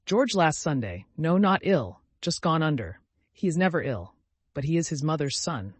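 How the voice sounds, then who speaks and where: A man reading the lines of a gentle, earnest old man in grief. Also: fairly high pitch, very animated, normal speed, husky, dry recording, voice pushed up. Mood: grave.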